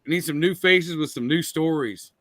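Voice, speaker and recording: Bright, dry-sounding man, upbeat. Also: on the high side, normal speed, no echo. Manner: upbeat, laughs often, reads sponsor lists. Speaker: podcast co-host. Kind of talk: casual chat.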